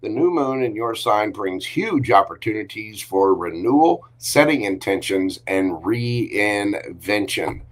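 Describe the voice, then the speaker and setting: A man's voice: fairly low pitch, lively intonation, slow pace, few pauses. A man hosting a casual livestream tarot reading, chatty and affectionate, greeting viewers with pet names. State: briefly coughing and choked up.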